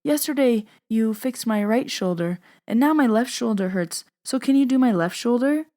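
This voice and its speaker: Eager, earnest old grandmother, pitched a touch higher, as a woman quotes her. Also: expressive, moderate pace, dark tone. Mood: earnest, curious.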